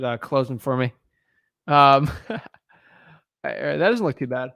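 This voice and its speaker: Young male wholesaler, gravelly, dry mic, casual thinking aloud. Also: mid-range voice, measured pace, long pauses, fairly bright tone, dry recording. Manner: thinks aloud with fillers, upbeat on the phone. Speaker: real estate wholesaler cold calling. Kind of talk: casual live commentary and cold call.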